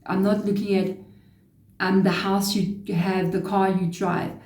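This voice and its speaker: A woman reads tarot cards aloud in a loose, chatty way, passing along messages she says come from spirit. Her voice is mellow and warm, and the room around her rings with a roomy echo. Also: medium pitch, level tone. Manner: chatty, relaying spirit messages, quick laughs. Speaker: tarot reader. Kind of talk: casual tarot reading to camera.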